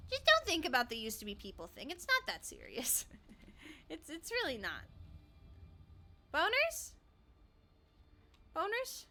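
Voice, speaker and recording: A woman's voice: very high voice, sharp tone. A woman streaming a game, chatting casually, giggling and rambling, sometimes breaking into playful chants. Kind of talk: casual gameplay commentary.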